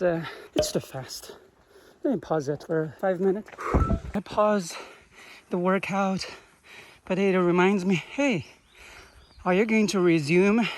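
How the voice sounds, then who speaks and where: Slow-talking man commenting while jogging. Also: sits high, darkish tone. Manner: short clipped phrases, simple non-native grammar. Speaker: vlogger testing a running watch. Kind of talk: running commentary. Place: outdoors in a quiet green park.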